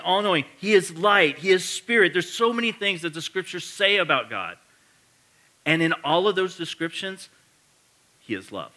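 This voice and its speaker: A man's voice: fairly high pitch, sharp tone. A man preaching a sermon as pastor, earnest and building to emphatic repetition, with casual self-correcting asides.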